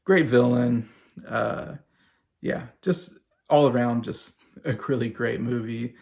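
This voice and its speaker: A man's voice: mid-range voice, steady tone, takes it slowly, gravelly, a little mellow. A man hosting his own video, chatting casually and rambling with lots of fillers as he gushes enthusiastically. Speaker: YouTube host ranking movies. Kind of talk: casual chat.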